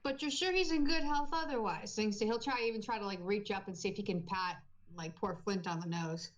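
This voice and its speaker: A woman player speaking in character in a tabletop game, polite and gently concerned. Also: medium pitch, brisk, poor audio. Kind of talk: in-character tabletop role-play.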